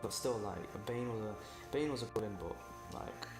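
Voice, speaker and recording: A man's voice: lowish voice, normal speed, music in the background. A young man in casual chat, enthusiastic and repeating himself a lot.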